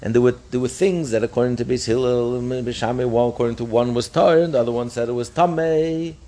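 A man teaching a daf yomi Talmud class, explaining with frequent restarts and acting out the sages' voices. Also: quick pace. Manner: animated, acts out the sages' voices with pitch jumps; repeats and restarts phrases while explaining.

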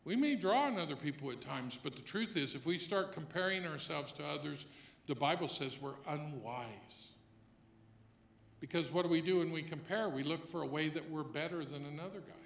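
A man preaching a sermon as pastor, moving between quiet reflection and loud emphatic passages. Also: a little high, lively intonation, moderate pace, creaky, reverberant.

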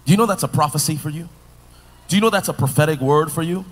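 A man preaching a sermon, playfully retelling a children's story to the crowd in an animated, engaging way. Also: a little high, fast talker. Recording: long hall reverb.

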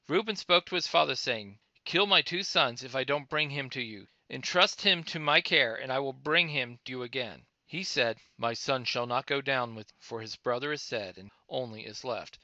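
A man reading a scripture chapter aloud in a steady, plain way, now and then stumbling and restarting a word. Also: medium pitch, normal speed, few pauses, no room sound. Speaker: Bible reader. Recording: dull, dry lo-fi recording.

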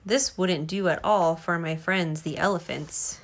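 A woman's voice: on the low side, steady tone, a little slow. A woman reading the lines of a cheerful young male monkey in her own voice.

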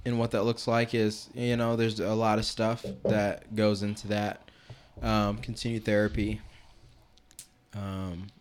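A man's voice: lowish voice, smooth. Laid-back young man chatting. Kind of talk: casual chat.

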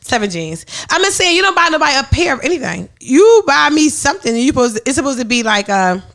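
Woman podcast host, blunt and profane, lively swooping delivery, slightly high voice. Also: fast talker, creaky. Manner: blunt, profane, animated, laughs often. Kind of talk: casual chat.

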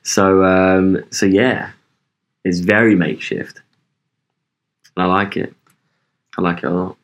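A man's voice: sits low, flat delivery, measured pace. A young man co-hosting a podcast in loose casual chat, rambling with lots of ums and swearing. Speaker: podcast co-host.

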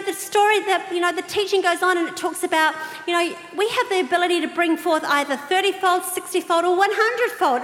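A woman's voice: very high-pitched, a bit bright. A woman preacher delivering a sermon, chatty and playful, with humorous asides to the congregation. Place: large church auditorium. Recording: echoey hall with long reverb.

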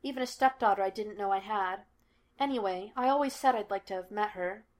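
A woman's voice: mid-range voice, brisk, lightly acted. A woman voicing a frightened, stubborn widow in a read-aloud story, sounding anxious yet firm. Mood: resolved.

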